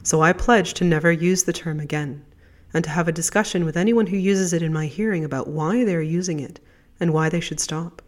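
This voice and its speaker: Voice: mid-range voice, a little fast, hardly any pauses. A podcast host with a stuffed-up voice from a lingering cold, talking in a chatty, rambling way. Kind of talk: casual solo podcast chat.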